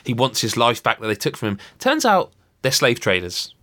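A man's voice: medium pitch, huge pitch swings, moderate pace, pushed and bright. A man in casual chat, rambling through a story with restarts and acted-out quotes. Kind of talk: casual chat about a video game.

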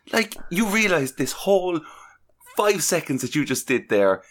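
A man's voice: on the high side, fairly bright tone. A man co-hosting a casual podcast, telling a story in an incredulous tone and swearing freely. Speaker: podcast co-host.

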